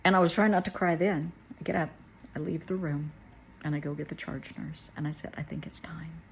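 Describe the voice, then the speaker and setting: A middle-aged woman, a therapist, telling a personal story in a soft, tearful way that at times falls to a whisper. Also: sits low, steady tone, a little fast, a little hiss or hum. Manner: tearful, soft-spoken, drops to a whisper at moments.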